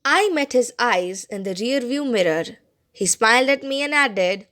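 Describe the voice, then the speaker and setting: Woman, audiobook narration, expressive storytelling, fairly high pitch. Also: a little slow. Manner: expressive, acts out dialogue. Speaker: audiobook reader.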